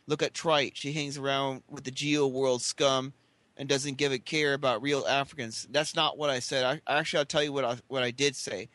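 A man's voice: medium pitch, steady tone, moderate pace, bright, forceful tone, dry recording. A man in casual chat who explains himself defensively, stumbling and restarting his words.

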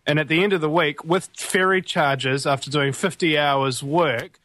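A young man with a New Zealand accent talks in a fairly high voice, blunt and sarcastic, with mild swearing. His voice is recorded close and dry. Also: normal speed, few pauses, sharp tone, no echo. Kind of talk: casual chat.

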